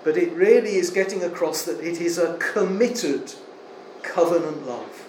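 A man preaching a sermon in an earnest, emphatic way, slowing to stress key words. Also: a little high. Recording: echoey room, faint air conditioning hum.

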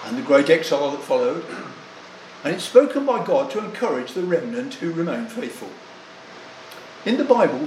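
An older man preaching a sermon, deliberate and emphatic, leaning hard on single words. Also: a little high, darkish tone, roomy sound, a little hiss or hum, rough recording.

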